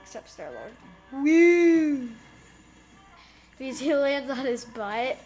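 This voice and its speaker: A woman giving casual gameplay commentary, giggling, getting excited and talking to the characters on screen. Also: a little high, moderate pace, soft background music. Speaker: let's play gamer.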